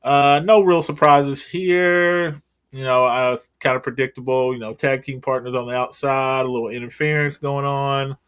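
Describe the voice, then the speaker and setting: A man's voice: mid-range voice, little pitch movement, moderate pace, a bit bright, clear, resonant tone. A man co-hosting a casual wrestling recap podcast, loose and rambling, swearing offhandedly as he runs through results. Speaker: podcast co-host.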